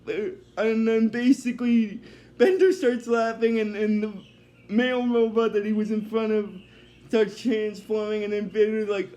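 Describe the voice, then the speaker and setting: A man's voice: high voice, steady tone, moderate pace, warm tone. A man casually recapping a cartoon episode, rambling and hesitant with many fillers, apologizing when he drifts.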